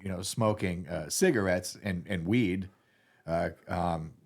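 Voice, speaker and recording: A middle-aged man telling road stories in a casual interview, rambling and animated, with lots of filler and swearing. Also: low voice, measured pace, vocal fry. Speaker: guitar tech, guest telling stories.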